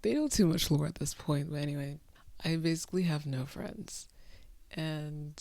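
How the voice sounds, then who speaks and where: A woman in her twenties vlogs candidly to camera in a room at home, laid-back and drifting, laughing at herself while overheated. Her voice sits low with a darkish tone and no echo.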